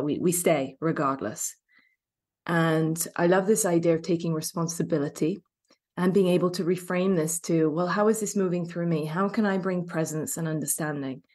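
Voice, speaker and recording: A woman's voice: sits low, darkish tone. A woman hosting an interview, talking reflectively and searching for her words as she goes. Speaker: host. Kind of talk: interview conversation.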